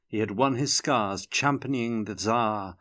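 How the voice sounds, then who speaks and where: Casting: male audiobook reader, unhurried and dramatic, fairly low voice. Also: fairly bright tone. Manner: measured, dramatic storytelling. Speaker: narrator reading a novel aloud. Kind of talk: audiobook-style fiction reading.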